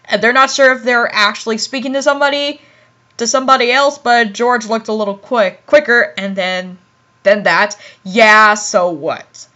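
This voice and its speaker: Woman reading fan fiction with commentary, giggly and stumbling, high, bright voice. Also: steady tone, moderate pace, dull audio. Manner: giggly, laughs often, stumbles over words.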